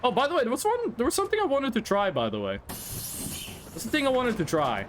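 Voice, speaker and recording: High, lively young Norwegian man. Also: fairly quick, noisy background. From Norway. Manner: rambling, chatty, talks straight to chat. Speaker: streamer. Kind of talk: casual live-stream chat while gaming.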